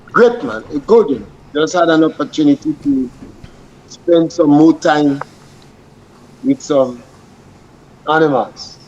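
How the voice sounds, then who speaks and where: Man, radio guest, relaxed short replies, muffled dull line, slightly high voice. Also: takes it slowly, pauses often. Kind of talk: casual on-air chat.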